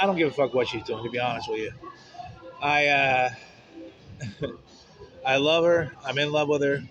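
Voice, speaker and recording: A man's voice: on the high side, fairly bright tone, muffled recording. A man ranting bluntly and profanely in a rambling personal vent to camera. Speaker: vlogger.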